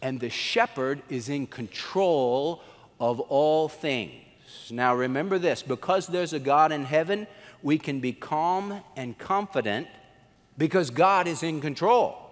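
High-voiced man preaching in a reverberant hall. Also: slow pace. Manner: animated storytelling, acts out quotes with swings in pitch. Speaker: pastor. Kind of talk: sermon.

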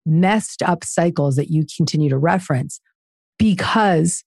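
A woman's voice: deep voice, a little slow, gravelly, a little mellow, husky, no room sound, studio quality. Emphatic woman guest, preaching self-help. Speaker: guest author. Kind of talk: conversational interview.

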